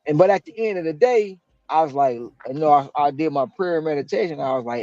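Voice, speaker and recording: A man, a delivery driver, telling a story in casual chat, slangy and animated, acting out quotes with big jumps in pitch. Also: a little fast, few pauses, dry recording. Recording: dull dry lo-fi sound.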